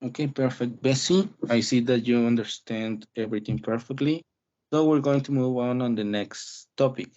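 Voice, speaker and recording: A man's voice: mid-range voice, moderate pace, warm tone. A man teaching an English listening class, asking questions and explaining step by step in an encouraging way. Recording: dull muffled audio.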